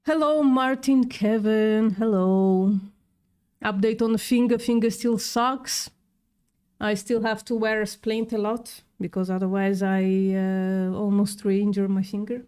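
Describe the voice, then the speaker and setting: A woman's voice: mid-range voice, slow, darkish tone, smooth. A woman livestreaming in casual chat, sarcastic and swearing freely, with a non-native English accent.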